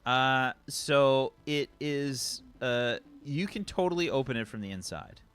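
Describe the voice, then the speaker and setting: A man narrating as game master of a tabletop game, relaxed and giggly, with fillers. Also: medium pitch, a little slow, smooth.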